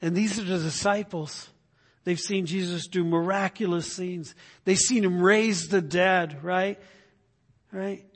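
Husky-voiced male pastor in reverberant hall. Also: high-pitched, fairly even intonation, unhurried. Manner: keeps checking in with the congregation with "right?". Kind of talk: expository sermon.

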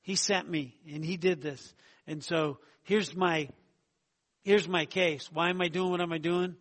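A man's voice: a little high, steady tone, unhurried, a bit bright. A middle-aged man giving a sermon, talking conversationally with fillers, repeated words and surges of emphasis. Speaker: preacher.

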